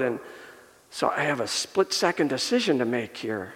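A male pastor preaching a sermon and telling a personal story, earnest, building up and softening by turns. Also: mid-range voice, sing-song, moderate pace. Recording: long reverb of a large hall.

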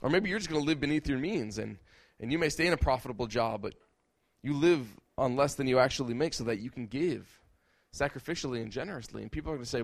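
Fast-talking preacher man, emphatic. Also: medium pitch, creaky. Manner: emphatic, rhetorical questions and repetition. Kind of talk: sermon.

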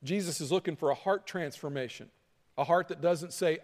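A man with a high voice preaches in a casual, conversational way. Now and then he acts out a heated argument to make his point. The sound carries a long reverb from a large church hall. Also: animated, a little fast, a little mellow. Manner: conversational preaching, acting out angry quarrels with rising pitch. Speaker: pastor. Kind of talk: sermon.

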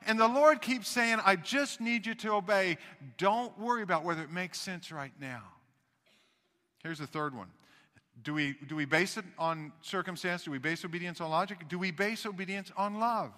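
Bright-voiced preaching man in a hall. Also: high-pitched, moderate pace. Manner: animated, folksy preaching with repeated restarts and rhetorical questions. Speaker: pastor. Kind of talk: sermon.

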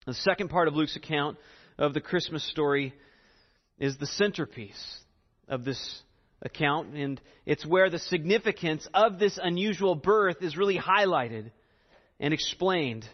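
A man preaching in slow, emphatic, expository phrases, his voice sitting a little high for a man. The sound is dull and muffled, and a long reverb hangs behind him as if in a large hall. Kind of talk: sermon.

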